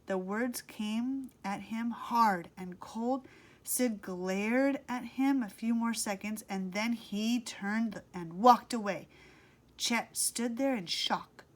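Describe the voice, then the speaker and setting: A woman narrating a children's book aloud in a slow, expressive read-aloud manner. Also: fairly high pitch. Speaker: audiobook reader. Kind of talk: storybook narration.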